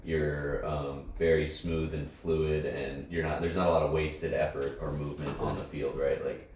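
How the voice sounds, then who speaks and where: A man's voice: extremely low pitch, little pitch movement, moderate pace, a little mellow. A man who judges dog trials, talking casually and rambling a little, swearing freely. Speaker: trial judge and decoy trainer. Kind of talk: casual chat. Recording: roomy echo, distant mic, faint noise.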